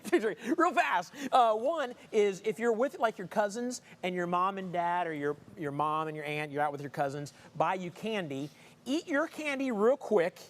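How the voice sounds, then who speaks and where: Joking middle-aged man co-hosting a live show. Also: high-pitched. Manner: jokey storyteller, laughs often. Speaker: co-host of live stream show. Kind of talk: casual banter on a live stream. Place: showroom with staff working nearby.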